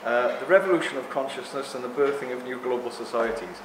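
A man giving a rambling, joking live talk to an audience, speaking loudly without a microphone. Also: medium pitch, quick pace. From Greek heritage. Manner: jokey, rambling, loud. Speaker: guest speaker. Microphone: no microphone, room recording. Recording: echoey room with background noise.

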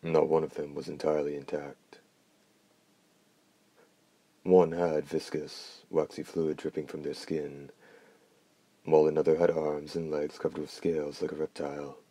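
A man narrating a dark fantasy novel in a measured, grave audiobook reading. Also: a bass voice, flat delivery, slightly rough, no echo.

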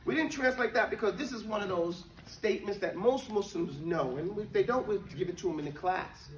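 Speaking a little fast in a high-pitched voice, a man leads an interactive religious lesson. He checks on his students and drills them by chanting verses, recorded from afar in a room full of echo.

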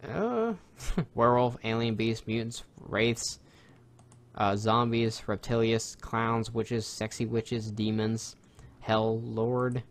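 Young man, podcast co-host, casual chat, rambling, excitable, swears a lot. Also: lowish voice, slow pace.

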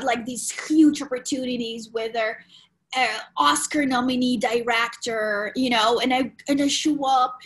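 A woman, a podcast guest frankly telling a personal story in animated, loose English. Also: on the high side, low-quality recording. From Ukraine. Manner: animated, frank, swears casually, non-native grammar.

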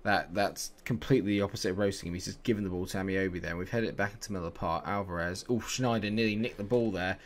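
Playing a football management game, a man gives animated live commentary, shifting from low mutters to excited shouts. He talks fast with hardly any pauses.

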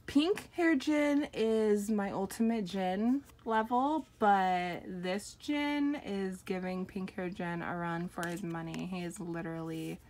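A young woman unboxing an album on camera, gushing and giggling with lots of excited exclamations. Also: mid-range voice. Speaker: unboxing vlogger. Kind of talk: excited casual unboxing chat.

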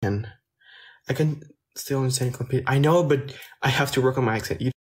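On a phone livestream, a Frenchman with a French accent answers viewer comments in casual chat. He speaks at normal speed in a mid-range voice, softly and hesitantly, frequently letting his sentences trail off.

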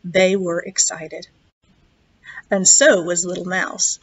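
A woman, a children's librarian, reading a story aloud at a virtual storytime in an expressive, slow, sing-song way. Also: medium pitch, a little hiss or hum. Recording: dull lo-fi online video recording.

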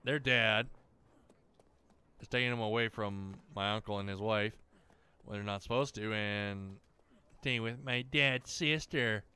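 A man's voice: fairly low pitch, a little slow, pauses often, bright, forceful tone, clean tone. A man ranting casually and profanely about family while playing a game. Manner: rambling, profane, venting. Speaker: gaming streamer. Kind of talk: casual chat over gameplay.

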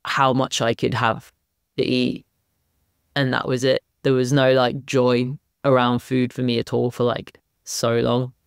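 A man hosting a podcast, asking relaxed questions and reflecting on his own experience. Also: mid-range voice, unhurried, vocal fry, smooth, no echo, studio quality. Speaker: podcast host. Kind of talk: casual podcast interviewing.

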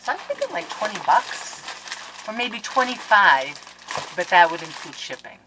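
Excitable woman unboxing crafts, lively voice. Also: lowish voice, moderate pace. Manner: excitable and gushing, with gasps and laughs. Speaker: crafting channel host opening mail. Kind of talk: casual chat to viewers. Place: home craft room. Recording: noisy background with clicks.

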